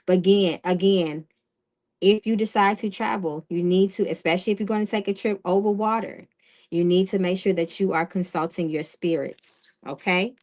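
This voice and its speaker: A woman's voice: on the low side, steady tone, moderate pace, darkish tone. A woman hosting a live-stream tarot reading who talks in a direct, casual way. She often checks in with "okay?" and greets viewers in the chat.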